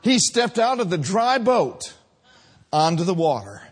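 A man preaching a sermon, swinging between loud drawn-out peaks and quiet low lines. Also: big pitch swings.

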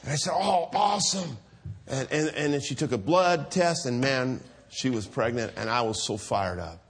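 A man preaching a storytelling sermon, animated, acting out the voices in his stories and laughing often. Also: medium pitch, normal speed.

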